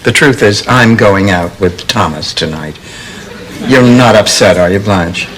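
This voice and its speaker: A middle-aged actress playing a dry, exasperated daughter in a studio sitcom. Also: female voice, a bass voice, unhurried, poor audio. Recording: hissy old TV sitcom recording.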